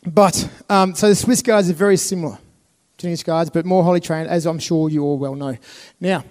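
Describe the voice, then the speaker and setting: An Australian man in his thirties giving a motivational talk to a live audience, telling animated stories with laughs and acted-out voices. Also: a little high, a little fast. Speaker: speaker.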